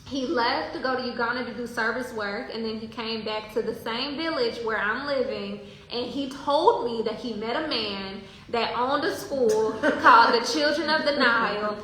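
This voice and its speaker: Lively, bright-voiced woman storyteller. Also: a little high, moderate pace, hardly any pauses. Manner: animated, laughing often, spiritual. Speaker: traveler sharing a story. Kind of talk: casual storytelling chat. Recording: very echoey room with faint hiss.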